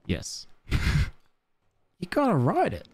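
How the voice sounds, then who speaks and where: A man giving casual, excitable commentary while playing a game, with panicky outbursts and self-mocking asides. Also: high voice, slow, a little hiss or hum. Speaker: gaming let's-play host.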